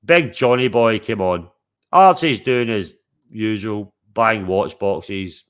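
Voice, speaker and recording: A man's voice: on the low side, slow, fairly bright tone, clean tone. A man hosting a livestream, chatting casually to his chat, teasing and swearing freely. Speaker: livestream host.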